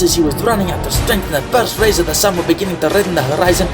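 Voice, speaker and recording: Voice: medium pitch, expressive, fast talker, hardly any pauses. A storyteller giving a playful, comic reading of a folk tale, tossing in jokey asides and building to big exclamations. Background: music.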